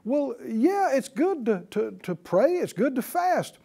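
A man's voice: very high-pitched, big pitch swings, unhurried, creaky, warm tone. A man teaching a Bible class in a preaching style, repeating key words and calling on the class to answer. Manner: emphatic, repeats key words, calls for responses.

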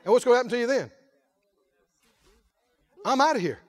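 A male pastor preaching a lively sermon, often laughing and calling out to the congregation. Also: very high voice, fairly quick. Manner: animated, laughing, call-and-response preaching.

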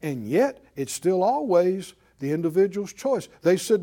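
Animated, high-voiced man preaching a sermon. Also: a little slow, hardly any pauses. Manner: animated, acts out voices, swings loud and soft. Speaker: Bible teacher.

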